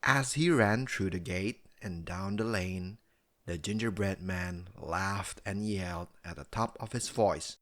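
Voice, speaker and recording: Deep-voiced man reading a bedtime story. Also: unhurried. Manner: expressive storybook narration.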